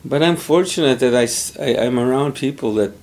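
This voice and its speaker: Brief: middle-aged man, gravelly, unhurried, thoughtful interviewee. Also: mid-range voice, darkish tone. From Pimicikamak Cree Nation, Canada. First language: Cree. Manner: measured, thoughtful, pauses often to find words. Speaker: interviewee, former Cree teacher. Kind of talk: conversational interview.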